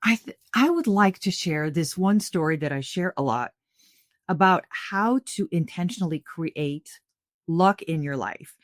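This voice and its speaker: A middle-aged woman from Canada, a podcast guest telling a personal story in an earnest, animated way with frequent restarts. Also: fairly low pitch, measured pace, no room sound, clean studio sound. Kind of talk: conversational storytelling.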